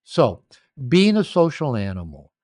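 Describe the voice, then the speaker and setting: A man's voice: mid-range voice, huge pitch swings, measured pace, a little mellow, no echo. Older man telling stories, dry sound. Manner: rambling, anecdotal, with restarts. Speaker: author and coach. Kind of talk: storytelling in a podcast interview. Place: home.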